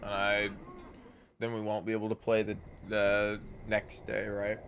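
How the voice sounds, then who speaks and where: A man's voice: lowish voice, completely flat delivery, unhurried, fairly bright tone, slight background noise. A man streaming a game live, chatting casually and reading the game's narration aloud with the odd stumble.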